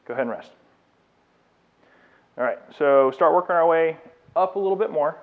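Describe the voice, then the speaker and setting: In a fitness studio, a man with a fairly high voice and lively intonation coaches a client through exercises at a moderate pace during a live demonstration lecture. His instructions are encouraging and explanatory, and the recording sounds tinny and phone-like.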